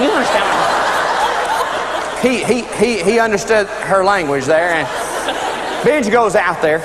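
A man preaching a sermon, telling a folksy joke story in an animated way to a congregation. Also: sits high, measured pace, pauses often, a loud crowd. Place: church hall with congregation. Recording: echoey hall, loud audience and noise.

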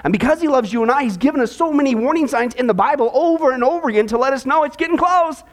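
High-voiced animated male pastor. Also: fast. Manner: animated, jokey, talks to the congregation. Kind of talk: sermon with a told joke.

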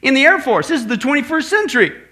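A man playing a brisk, impatient male Air Force general in a joke told from the pulpit. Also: extremely high pitch, very animated, bright, forceful tone, pitched above the performer's own voice, full character voice. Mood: exasperated.

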